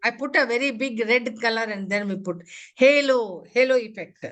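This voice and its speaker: A woman, a corporate trainer giving an interactive classroom lecture. She quizzes her class with quick questions and leans on "you know" and "huh?". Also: fairly high pitch, a bit bright, slight background noise.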